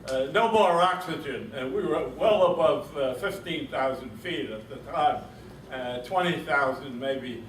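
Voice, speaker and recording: An elderly man in his eighties recounts a war story for a gathered audience, wry and chuckling as he goes. His voice sits a little high for a man and rings through a roomy space, caught by a distant mic with a faint hiss underneath. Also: a little slow. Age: 80s. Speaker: veteran speaker. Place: reunion event room.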